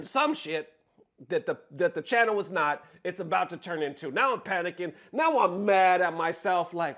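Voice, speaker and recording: Animated, high-voiced man telling a story. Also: normal speed, faint music behind. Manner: animated, profane, exasperated retelling. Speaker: content creator. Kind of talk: casual storytelling to camera. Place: bedroom.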